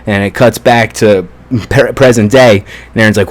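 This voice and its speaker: A man giving a casual spoken review of an anime episode, excitable and profane, retelling scenes with plenty of fillers. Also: fairly low pitch, normal speed.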